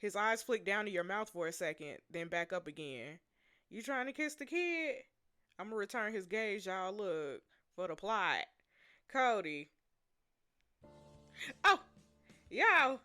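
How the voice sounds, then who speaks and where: A woman reading aloud and reacting to a story game, animated and chatty, talking straight to her viewers. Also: medium pitch. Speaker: gamer.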